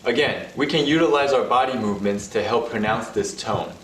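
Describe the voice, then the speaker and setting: A man giving scripted instructions in a language lesson, demonstrating each sound with slow, drawn-out vowels. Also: mid-range voice, a bit bright, a little hiss or hum. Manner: slow, carefully paced delivery with sung and held vowel demonstrations. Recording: roomy, distant-sounding recorded video.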